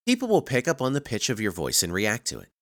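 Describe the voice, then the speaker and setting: Low-voiced man reading a training course. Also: wildly swooping pitch, quick pace, a bit bright, no echo, clean studio sound. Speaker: course narrator. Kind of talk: scripted narration.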